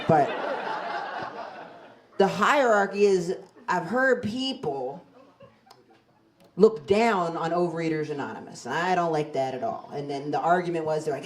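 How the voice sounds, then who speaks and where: A woman in her forties works a comedy club stage with a handheld mic, her voice sitting a little low. She tells stories in a loose, conversational way, wry and quick to poke fun at herself. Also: background noise. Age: 40s. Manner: wry, self-deprecating, conversational storytelling. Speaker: stand-up comedian. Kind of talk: stand-up comedy set.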